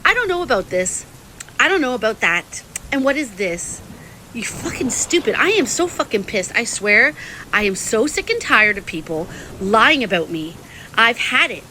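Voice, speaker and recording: A woman delivering a heated, profane, rapid-fire rant straight to her audience. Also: a little high, big pitch swings, sharp tone, a little hiss or hum, low-quality recording. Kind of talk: angry ranting monologue.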